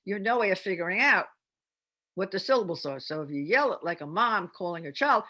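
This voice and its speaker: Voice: medium pitch, lively intonation, a little fast, pushed and bright. A reading teacher giving an instructional talk on phonics, explaining step by step with chatty asides.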